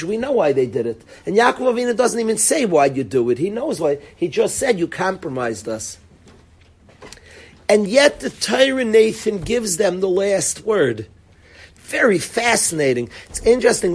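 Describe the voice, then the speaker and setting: Husky, animated man teaching a Torah class. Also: high voice. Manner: enthusiastic, keeps calling things fascinating; speaks straight to students by name. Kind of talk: Torah class on the weekly portion.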